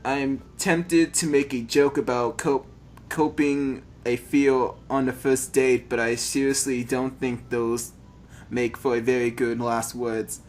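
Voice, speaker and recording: A man's voice: mid-range voice, level tone, slow, soft background music. A man reading a text adventure game aloud, stumbling over words and adding joking asides.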